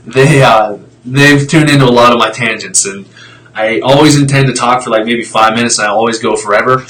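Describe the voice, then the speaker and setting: A man's voice: medium pitch, fairly quick, fairly bright tone, low-quality recording. A man talking casually on a live stream, explaining x-rays in a blunt, fired-up way, with tangents and mild swearing. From Italian heritage.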